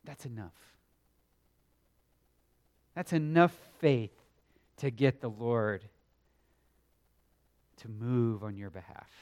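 Brief: unhurried male Sunday school teacher, earnest, emphatic, swings from loud to hushed. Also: medium pitch, lively intonation. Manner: earnest, emphatic, swells loud then drops quiet; thinks aloud with small restarts. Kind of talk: Bible lesson teaching.

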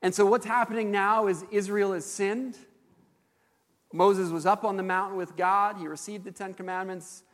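A man preaching a sermon as a pastor, telling stories in an animated way with frequent fillers. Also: high-pitched, moderate pace, big-room sound.

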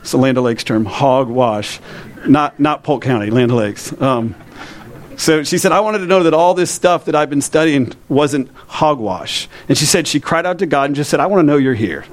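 A man preaching a sermon to his congregation in a church, in a conversational way, often asking the listeners questions. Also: fairly high pitch. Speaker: pastor.

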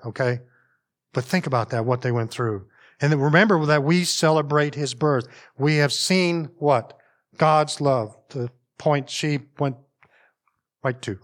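Man, middle-aged, family pastor, sermon, folksy, conversational, asides to the congregation, medium pitch.

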